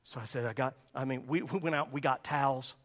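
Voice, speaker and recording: A middle-aged man preaching a sermon, telling a story with lively, animated delivery and jumping up high when he acts out voices. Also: fairly quick. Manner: animated storytelling, acting out voices in a much higher pitch.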